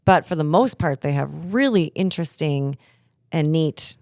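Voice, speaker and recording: A middle-aged woman from Minnesota co-hosting a travel podcast, telling stories in an animated casual chat. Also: deep voice, normal speed, no echo, studio quality. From Minnesota, USA. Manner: lively, animated storyteller.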